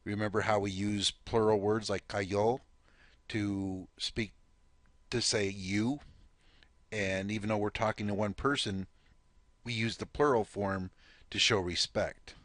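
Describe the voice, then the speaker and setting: A man's voice: fairly low pitch, fairly even intonation, measured pace, pauses often, a bit bright, dry recording. A man teaching a language lesson, patiently repeating words and prompting the listener to say them back. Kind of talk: slow step-by-step language lesson.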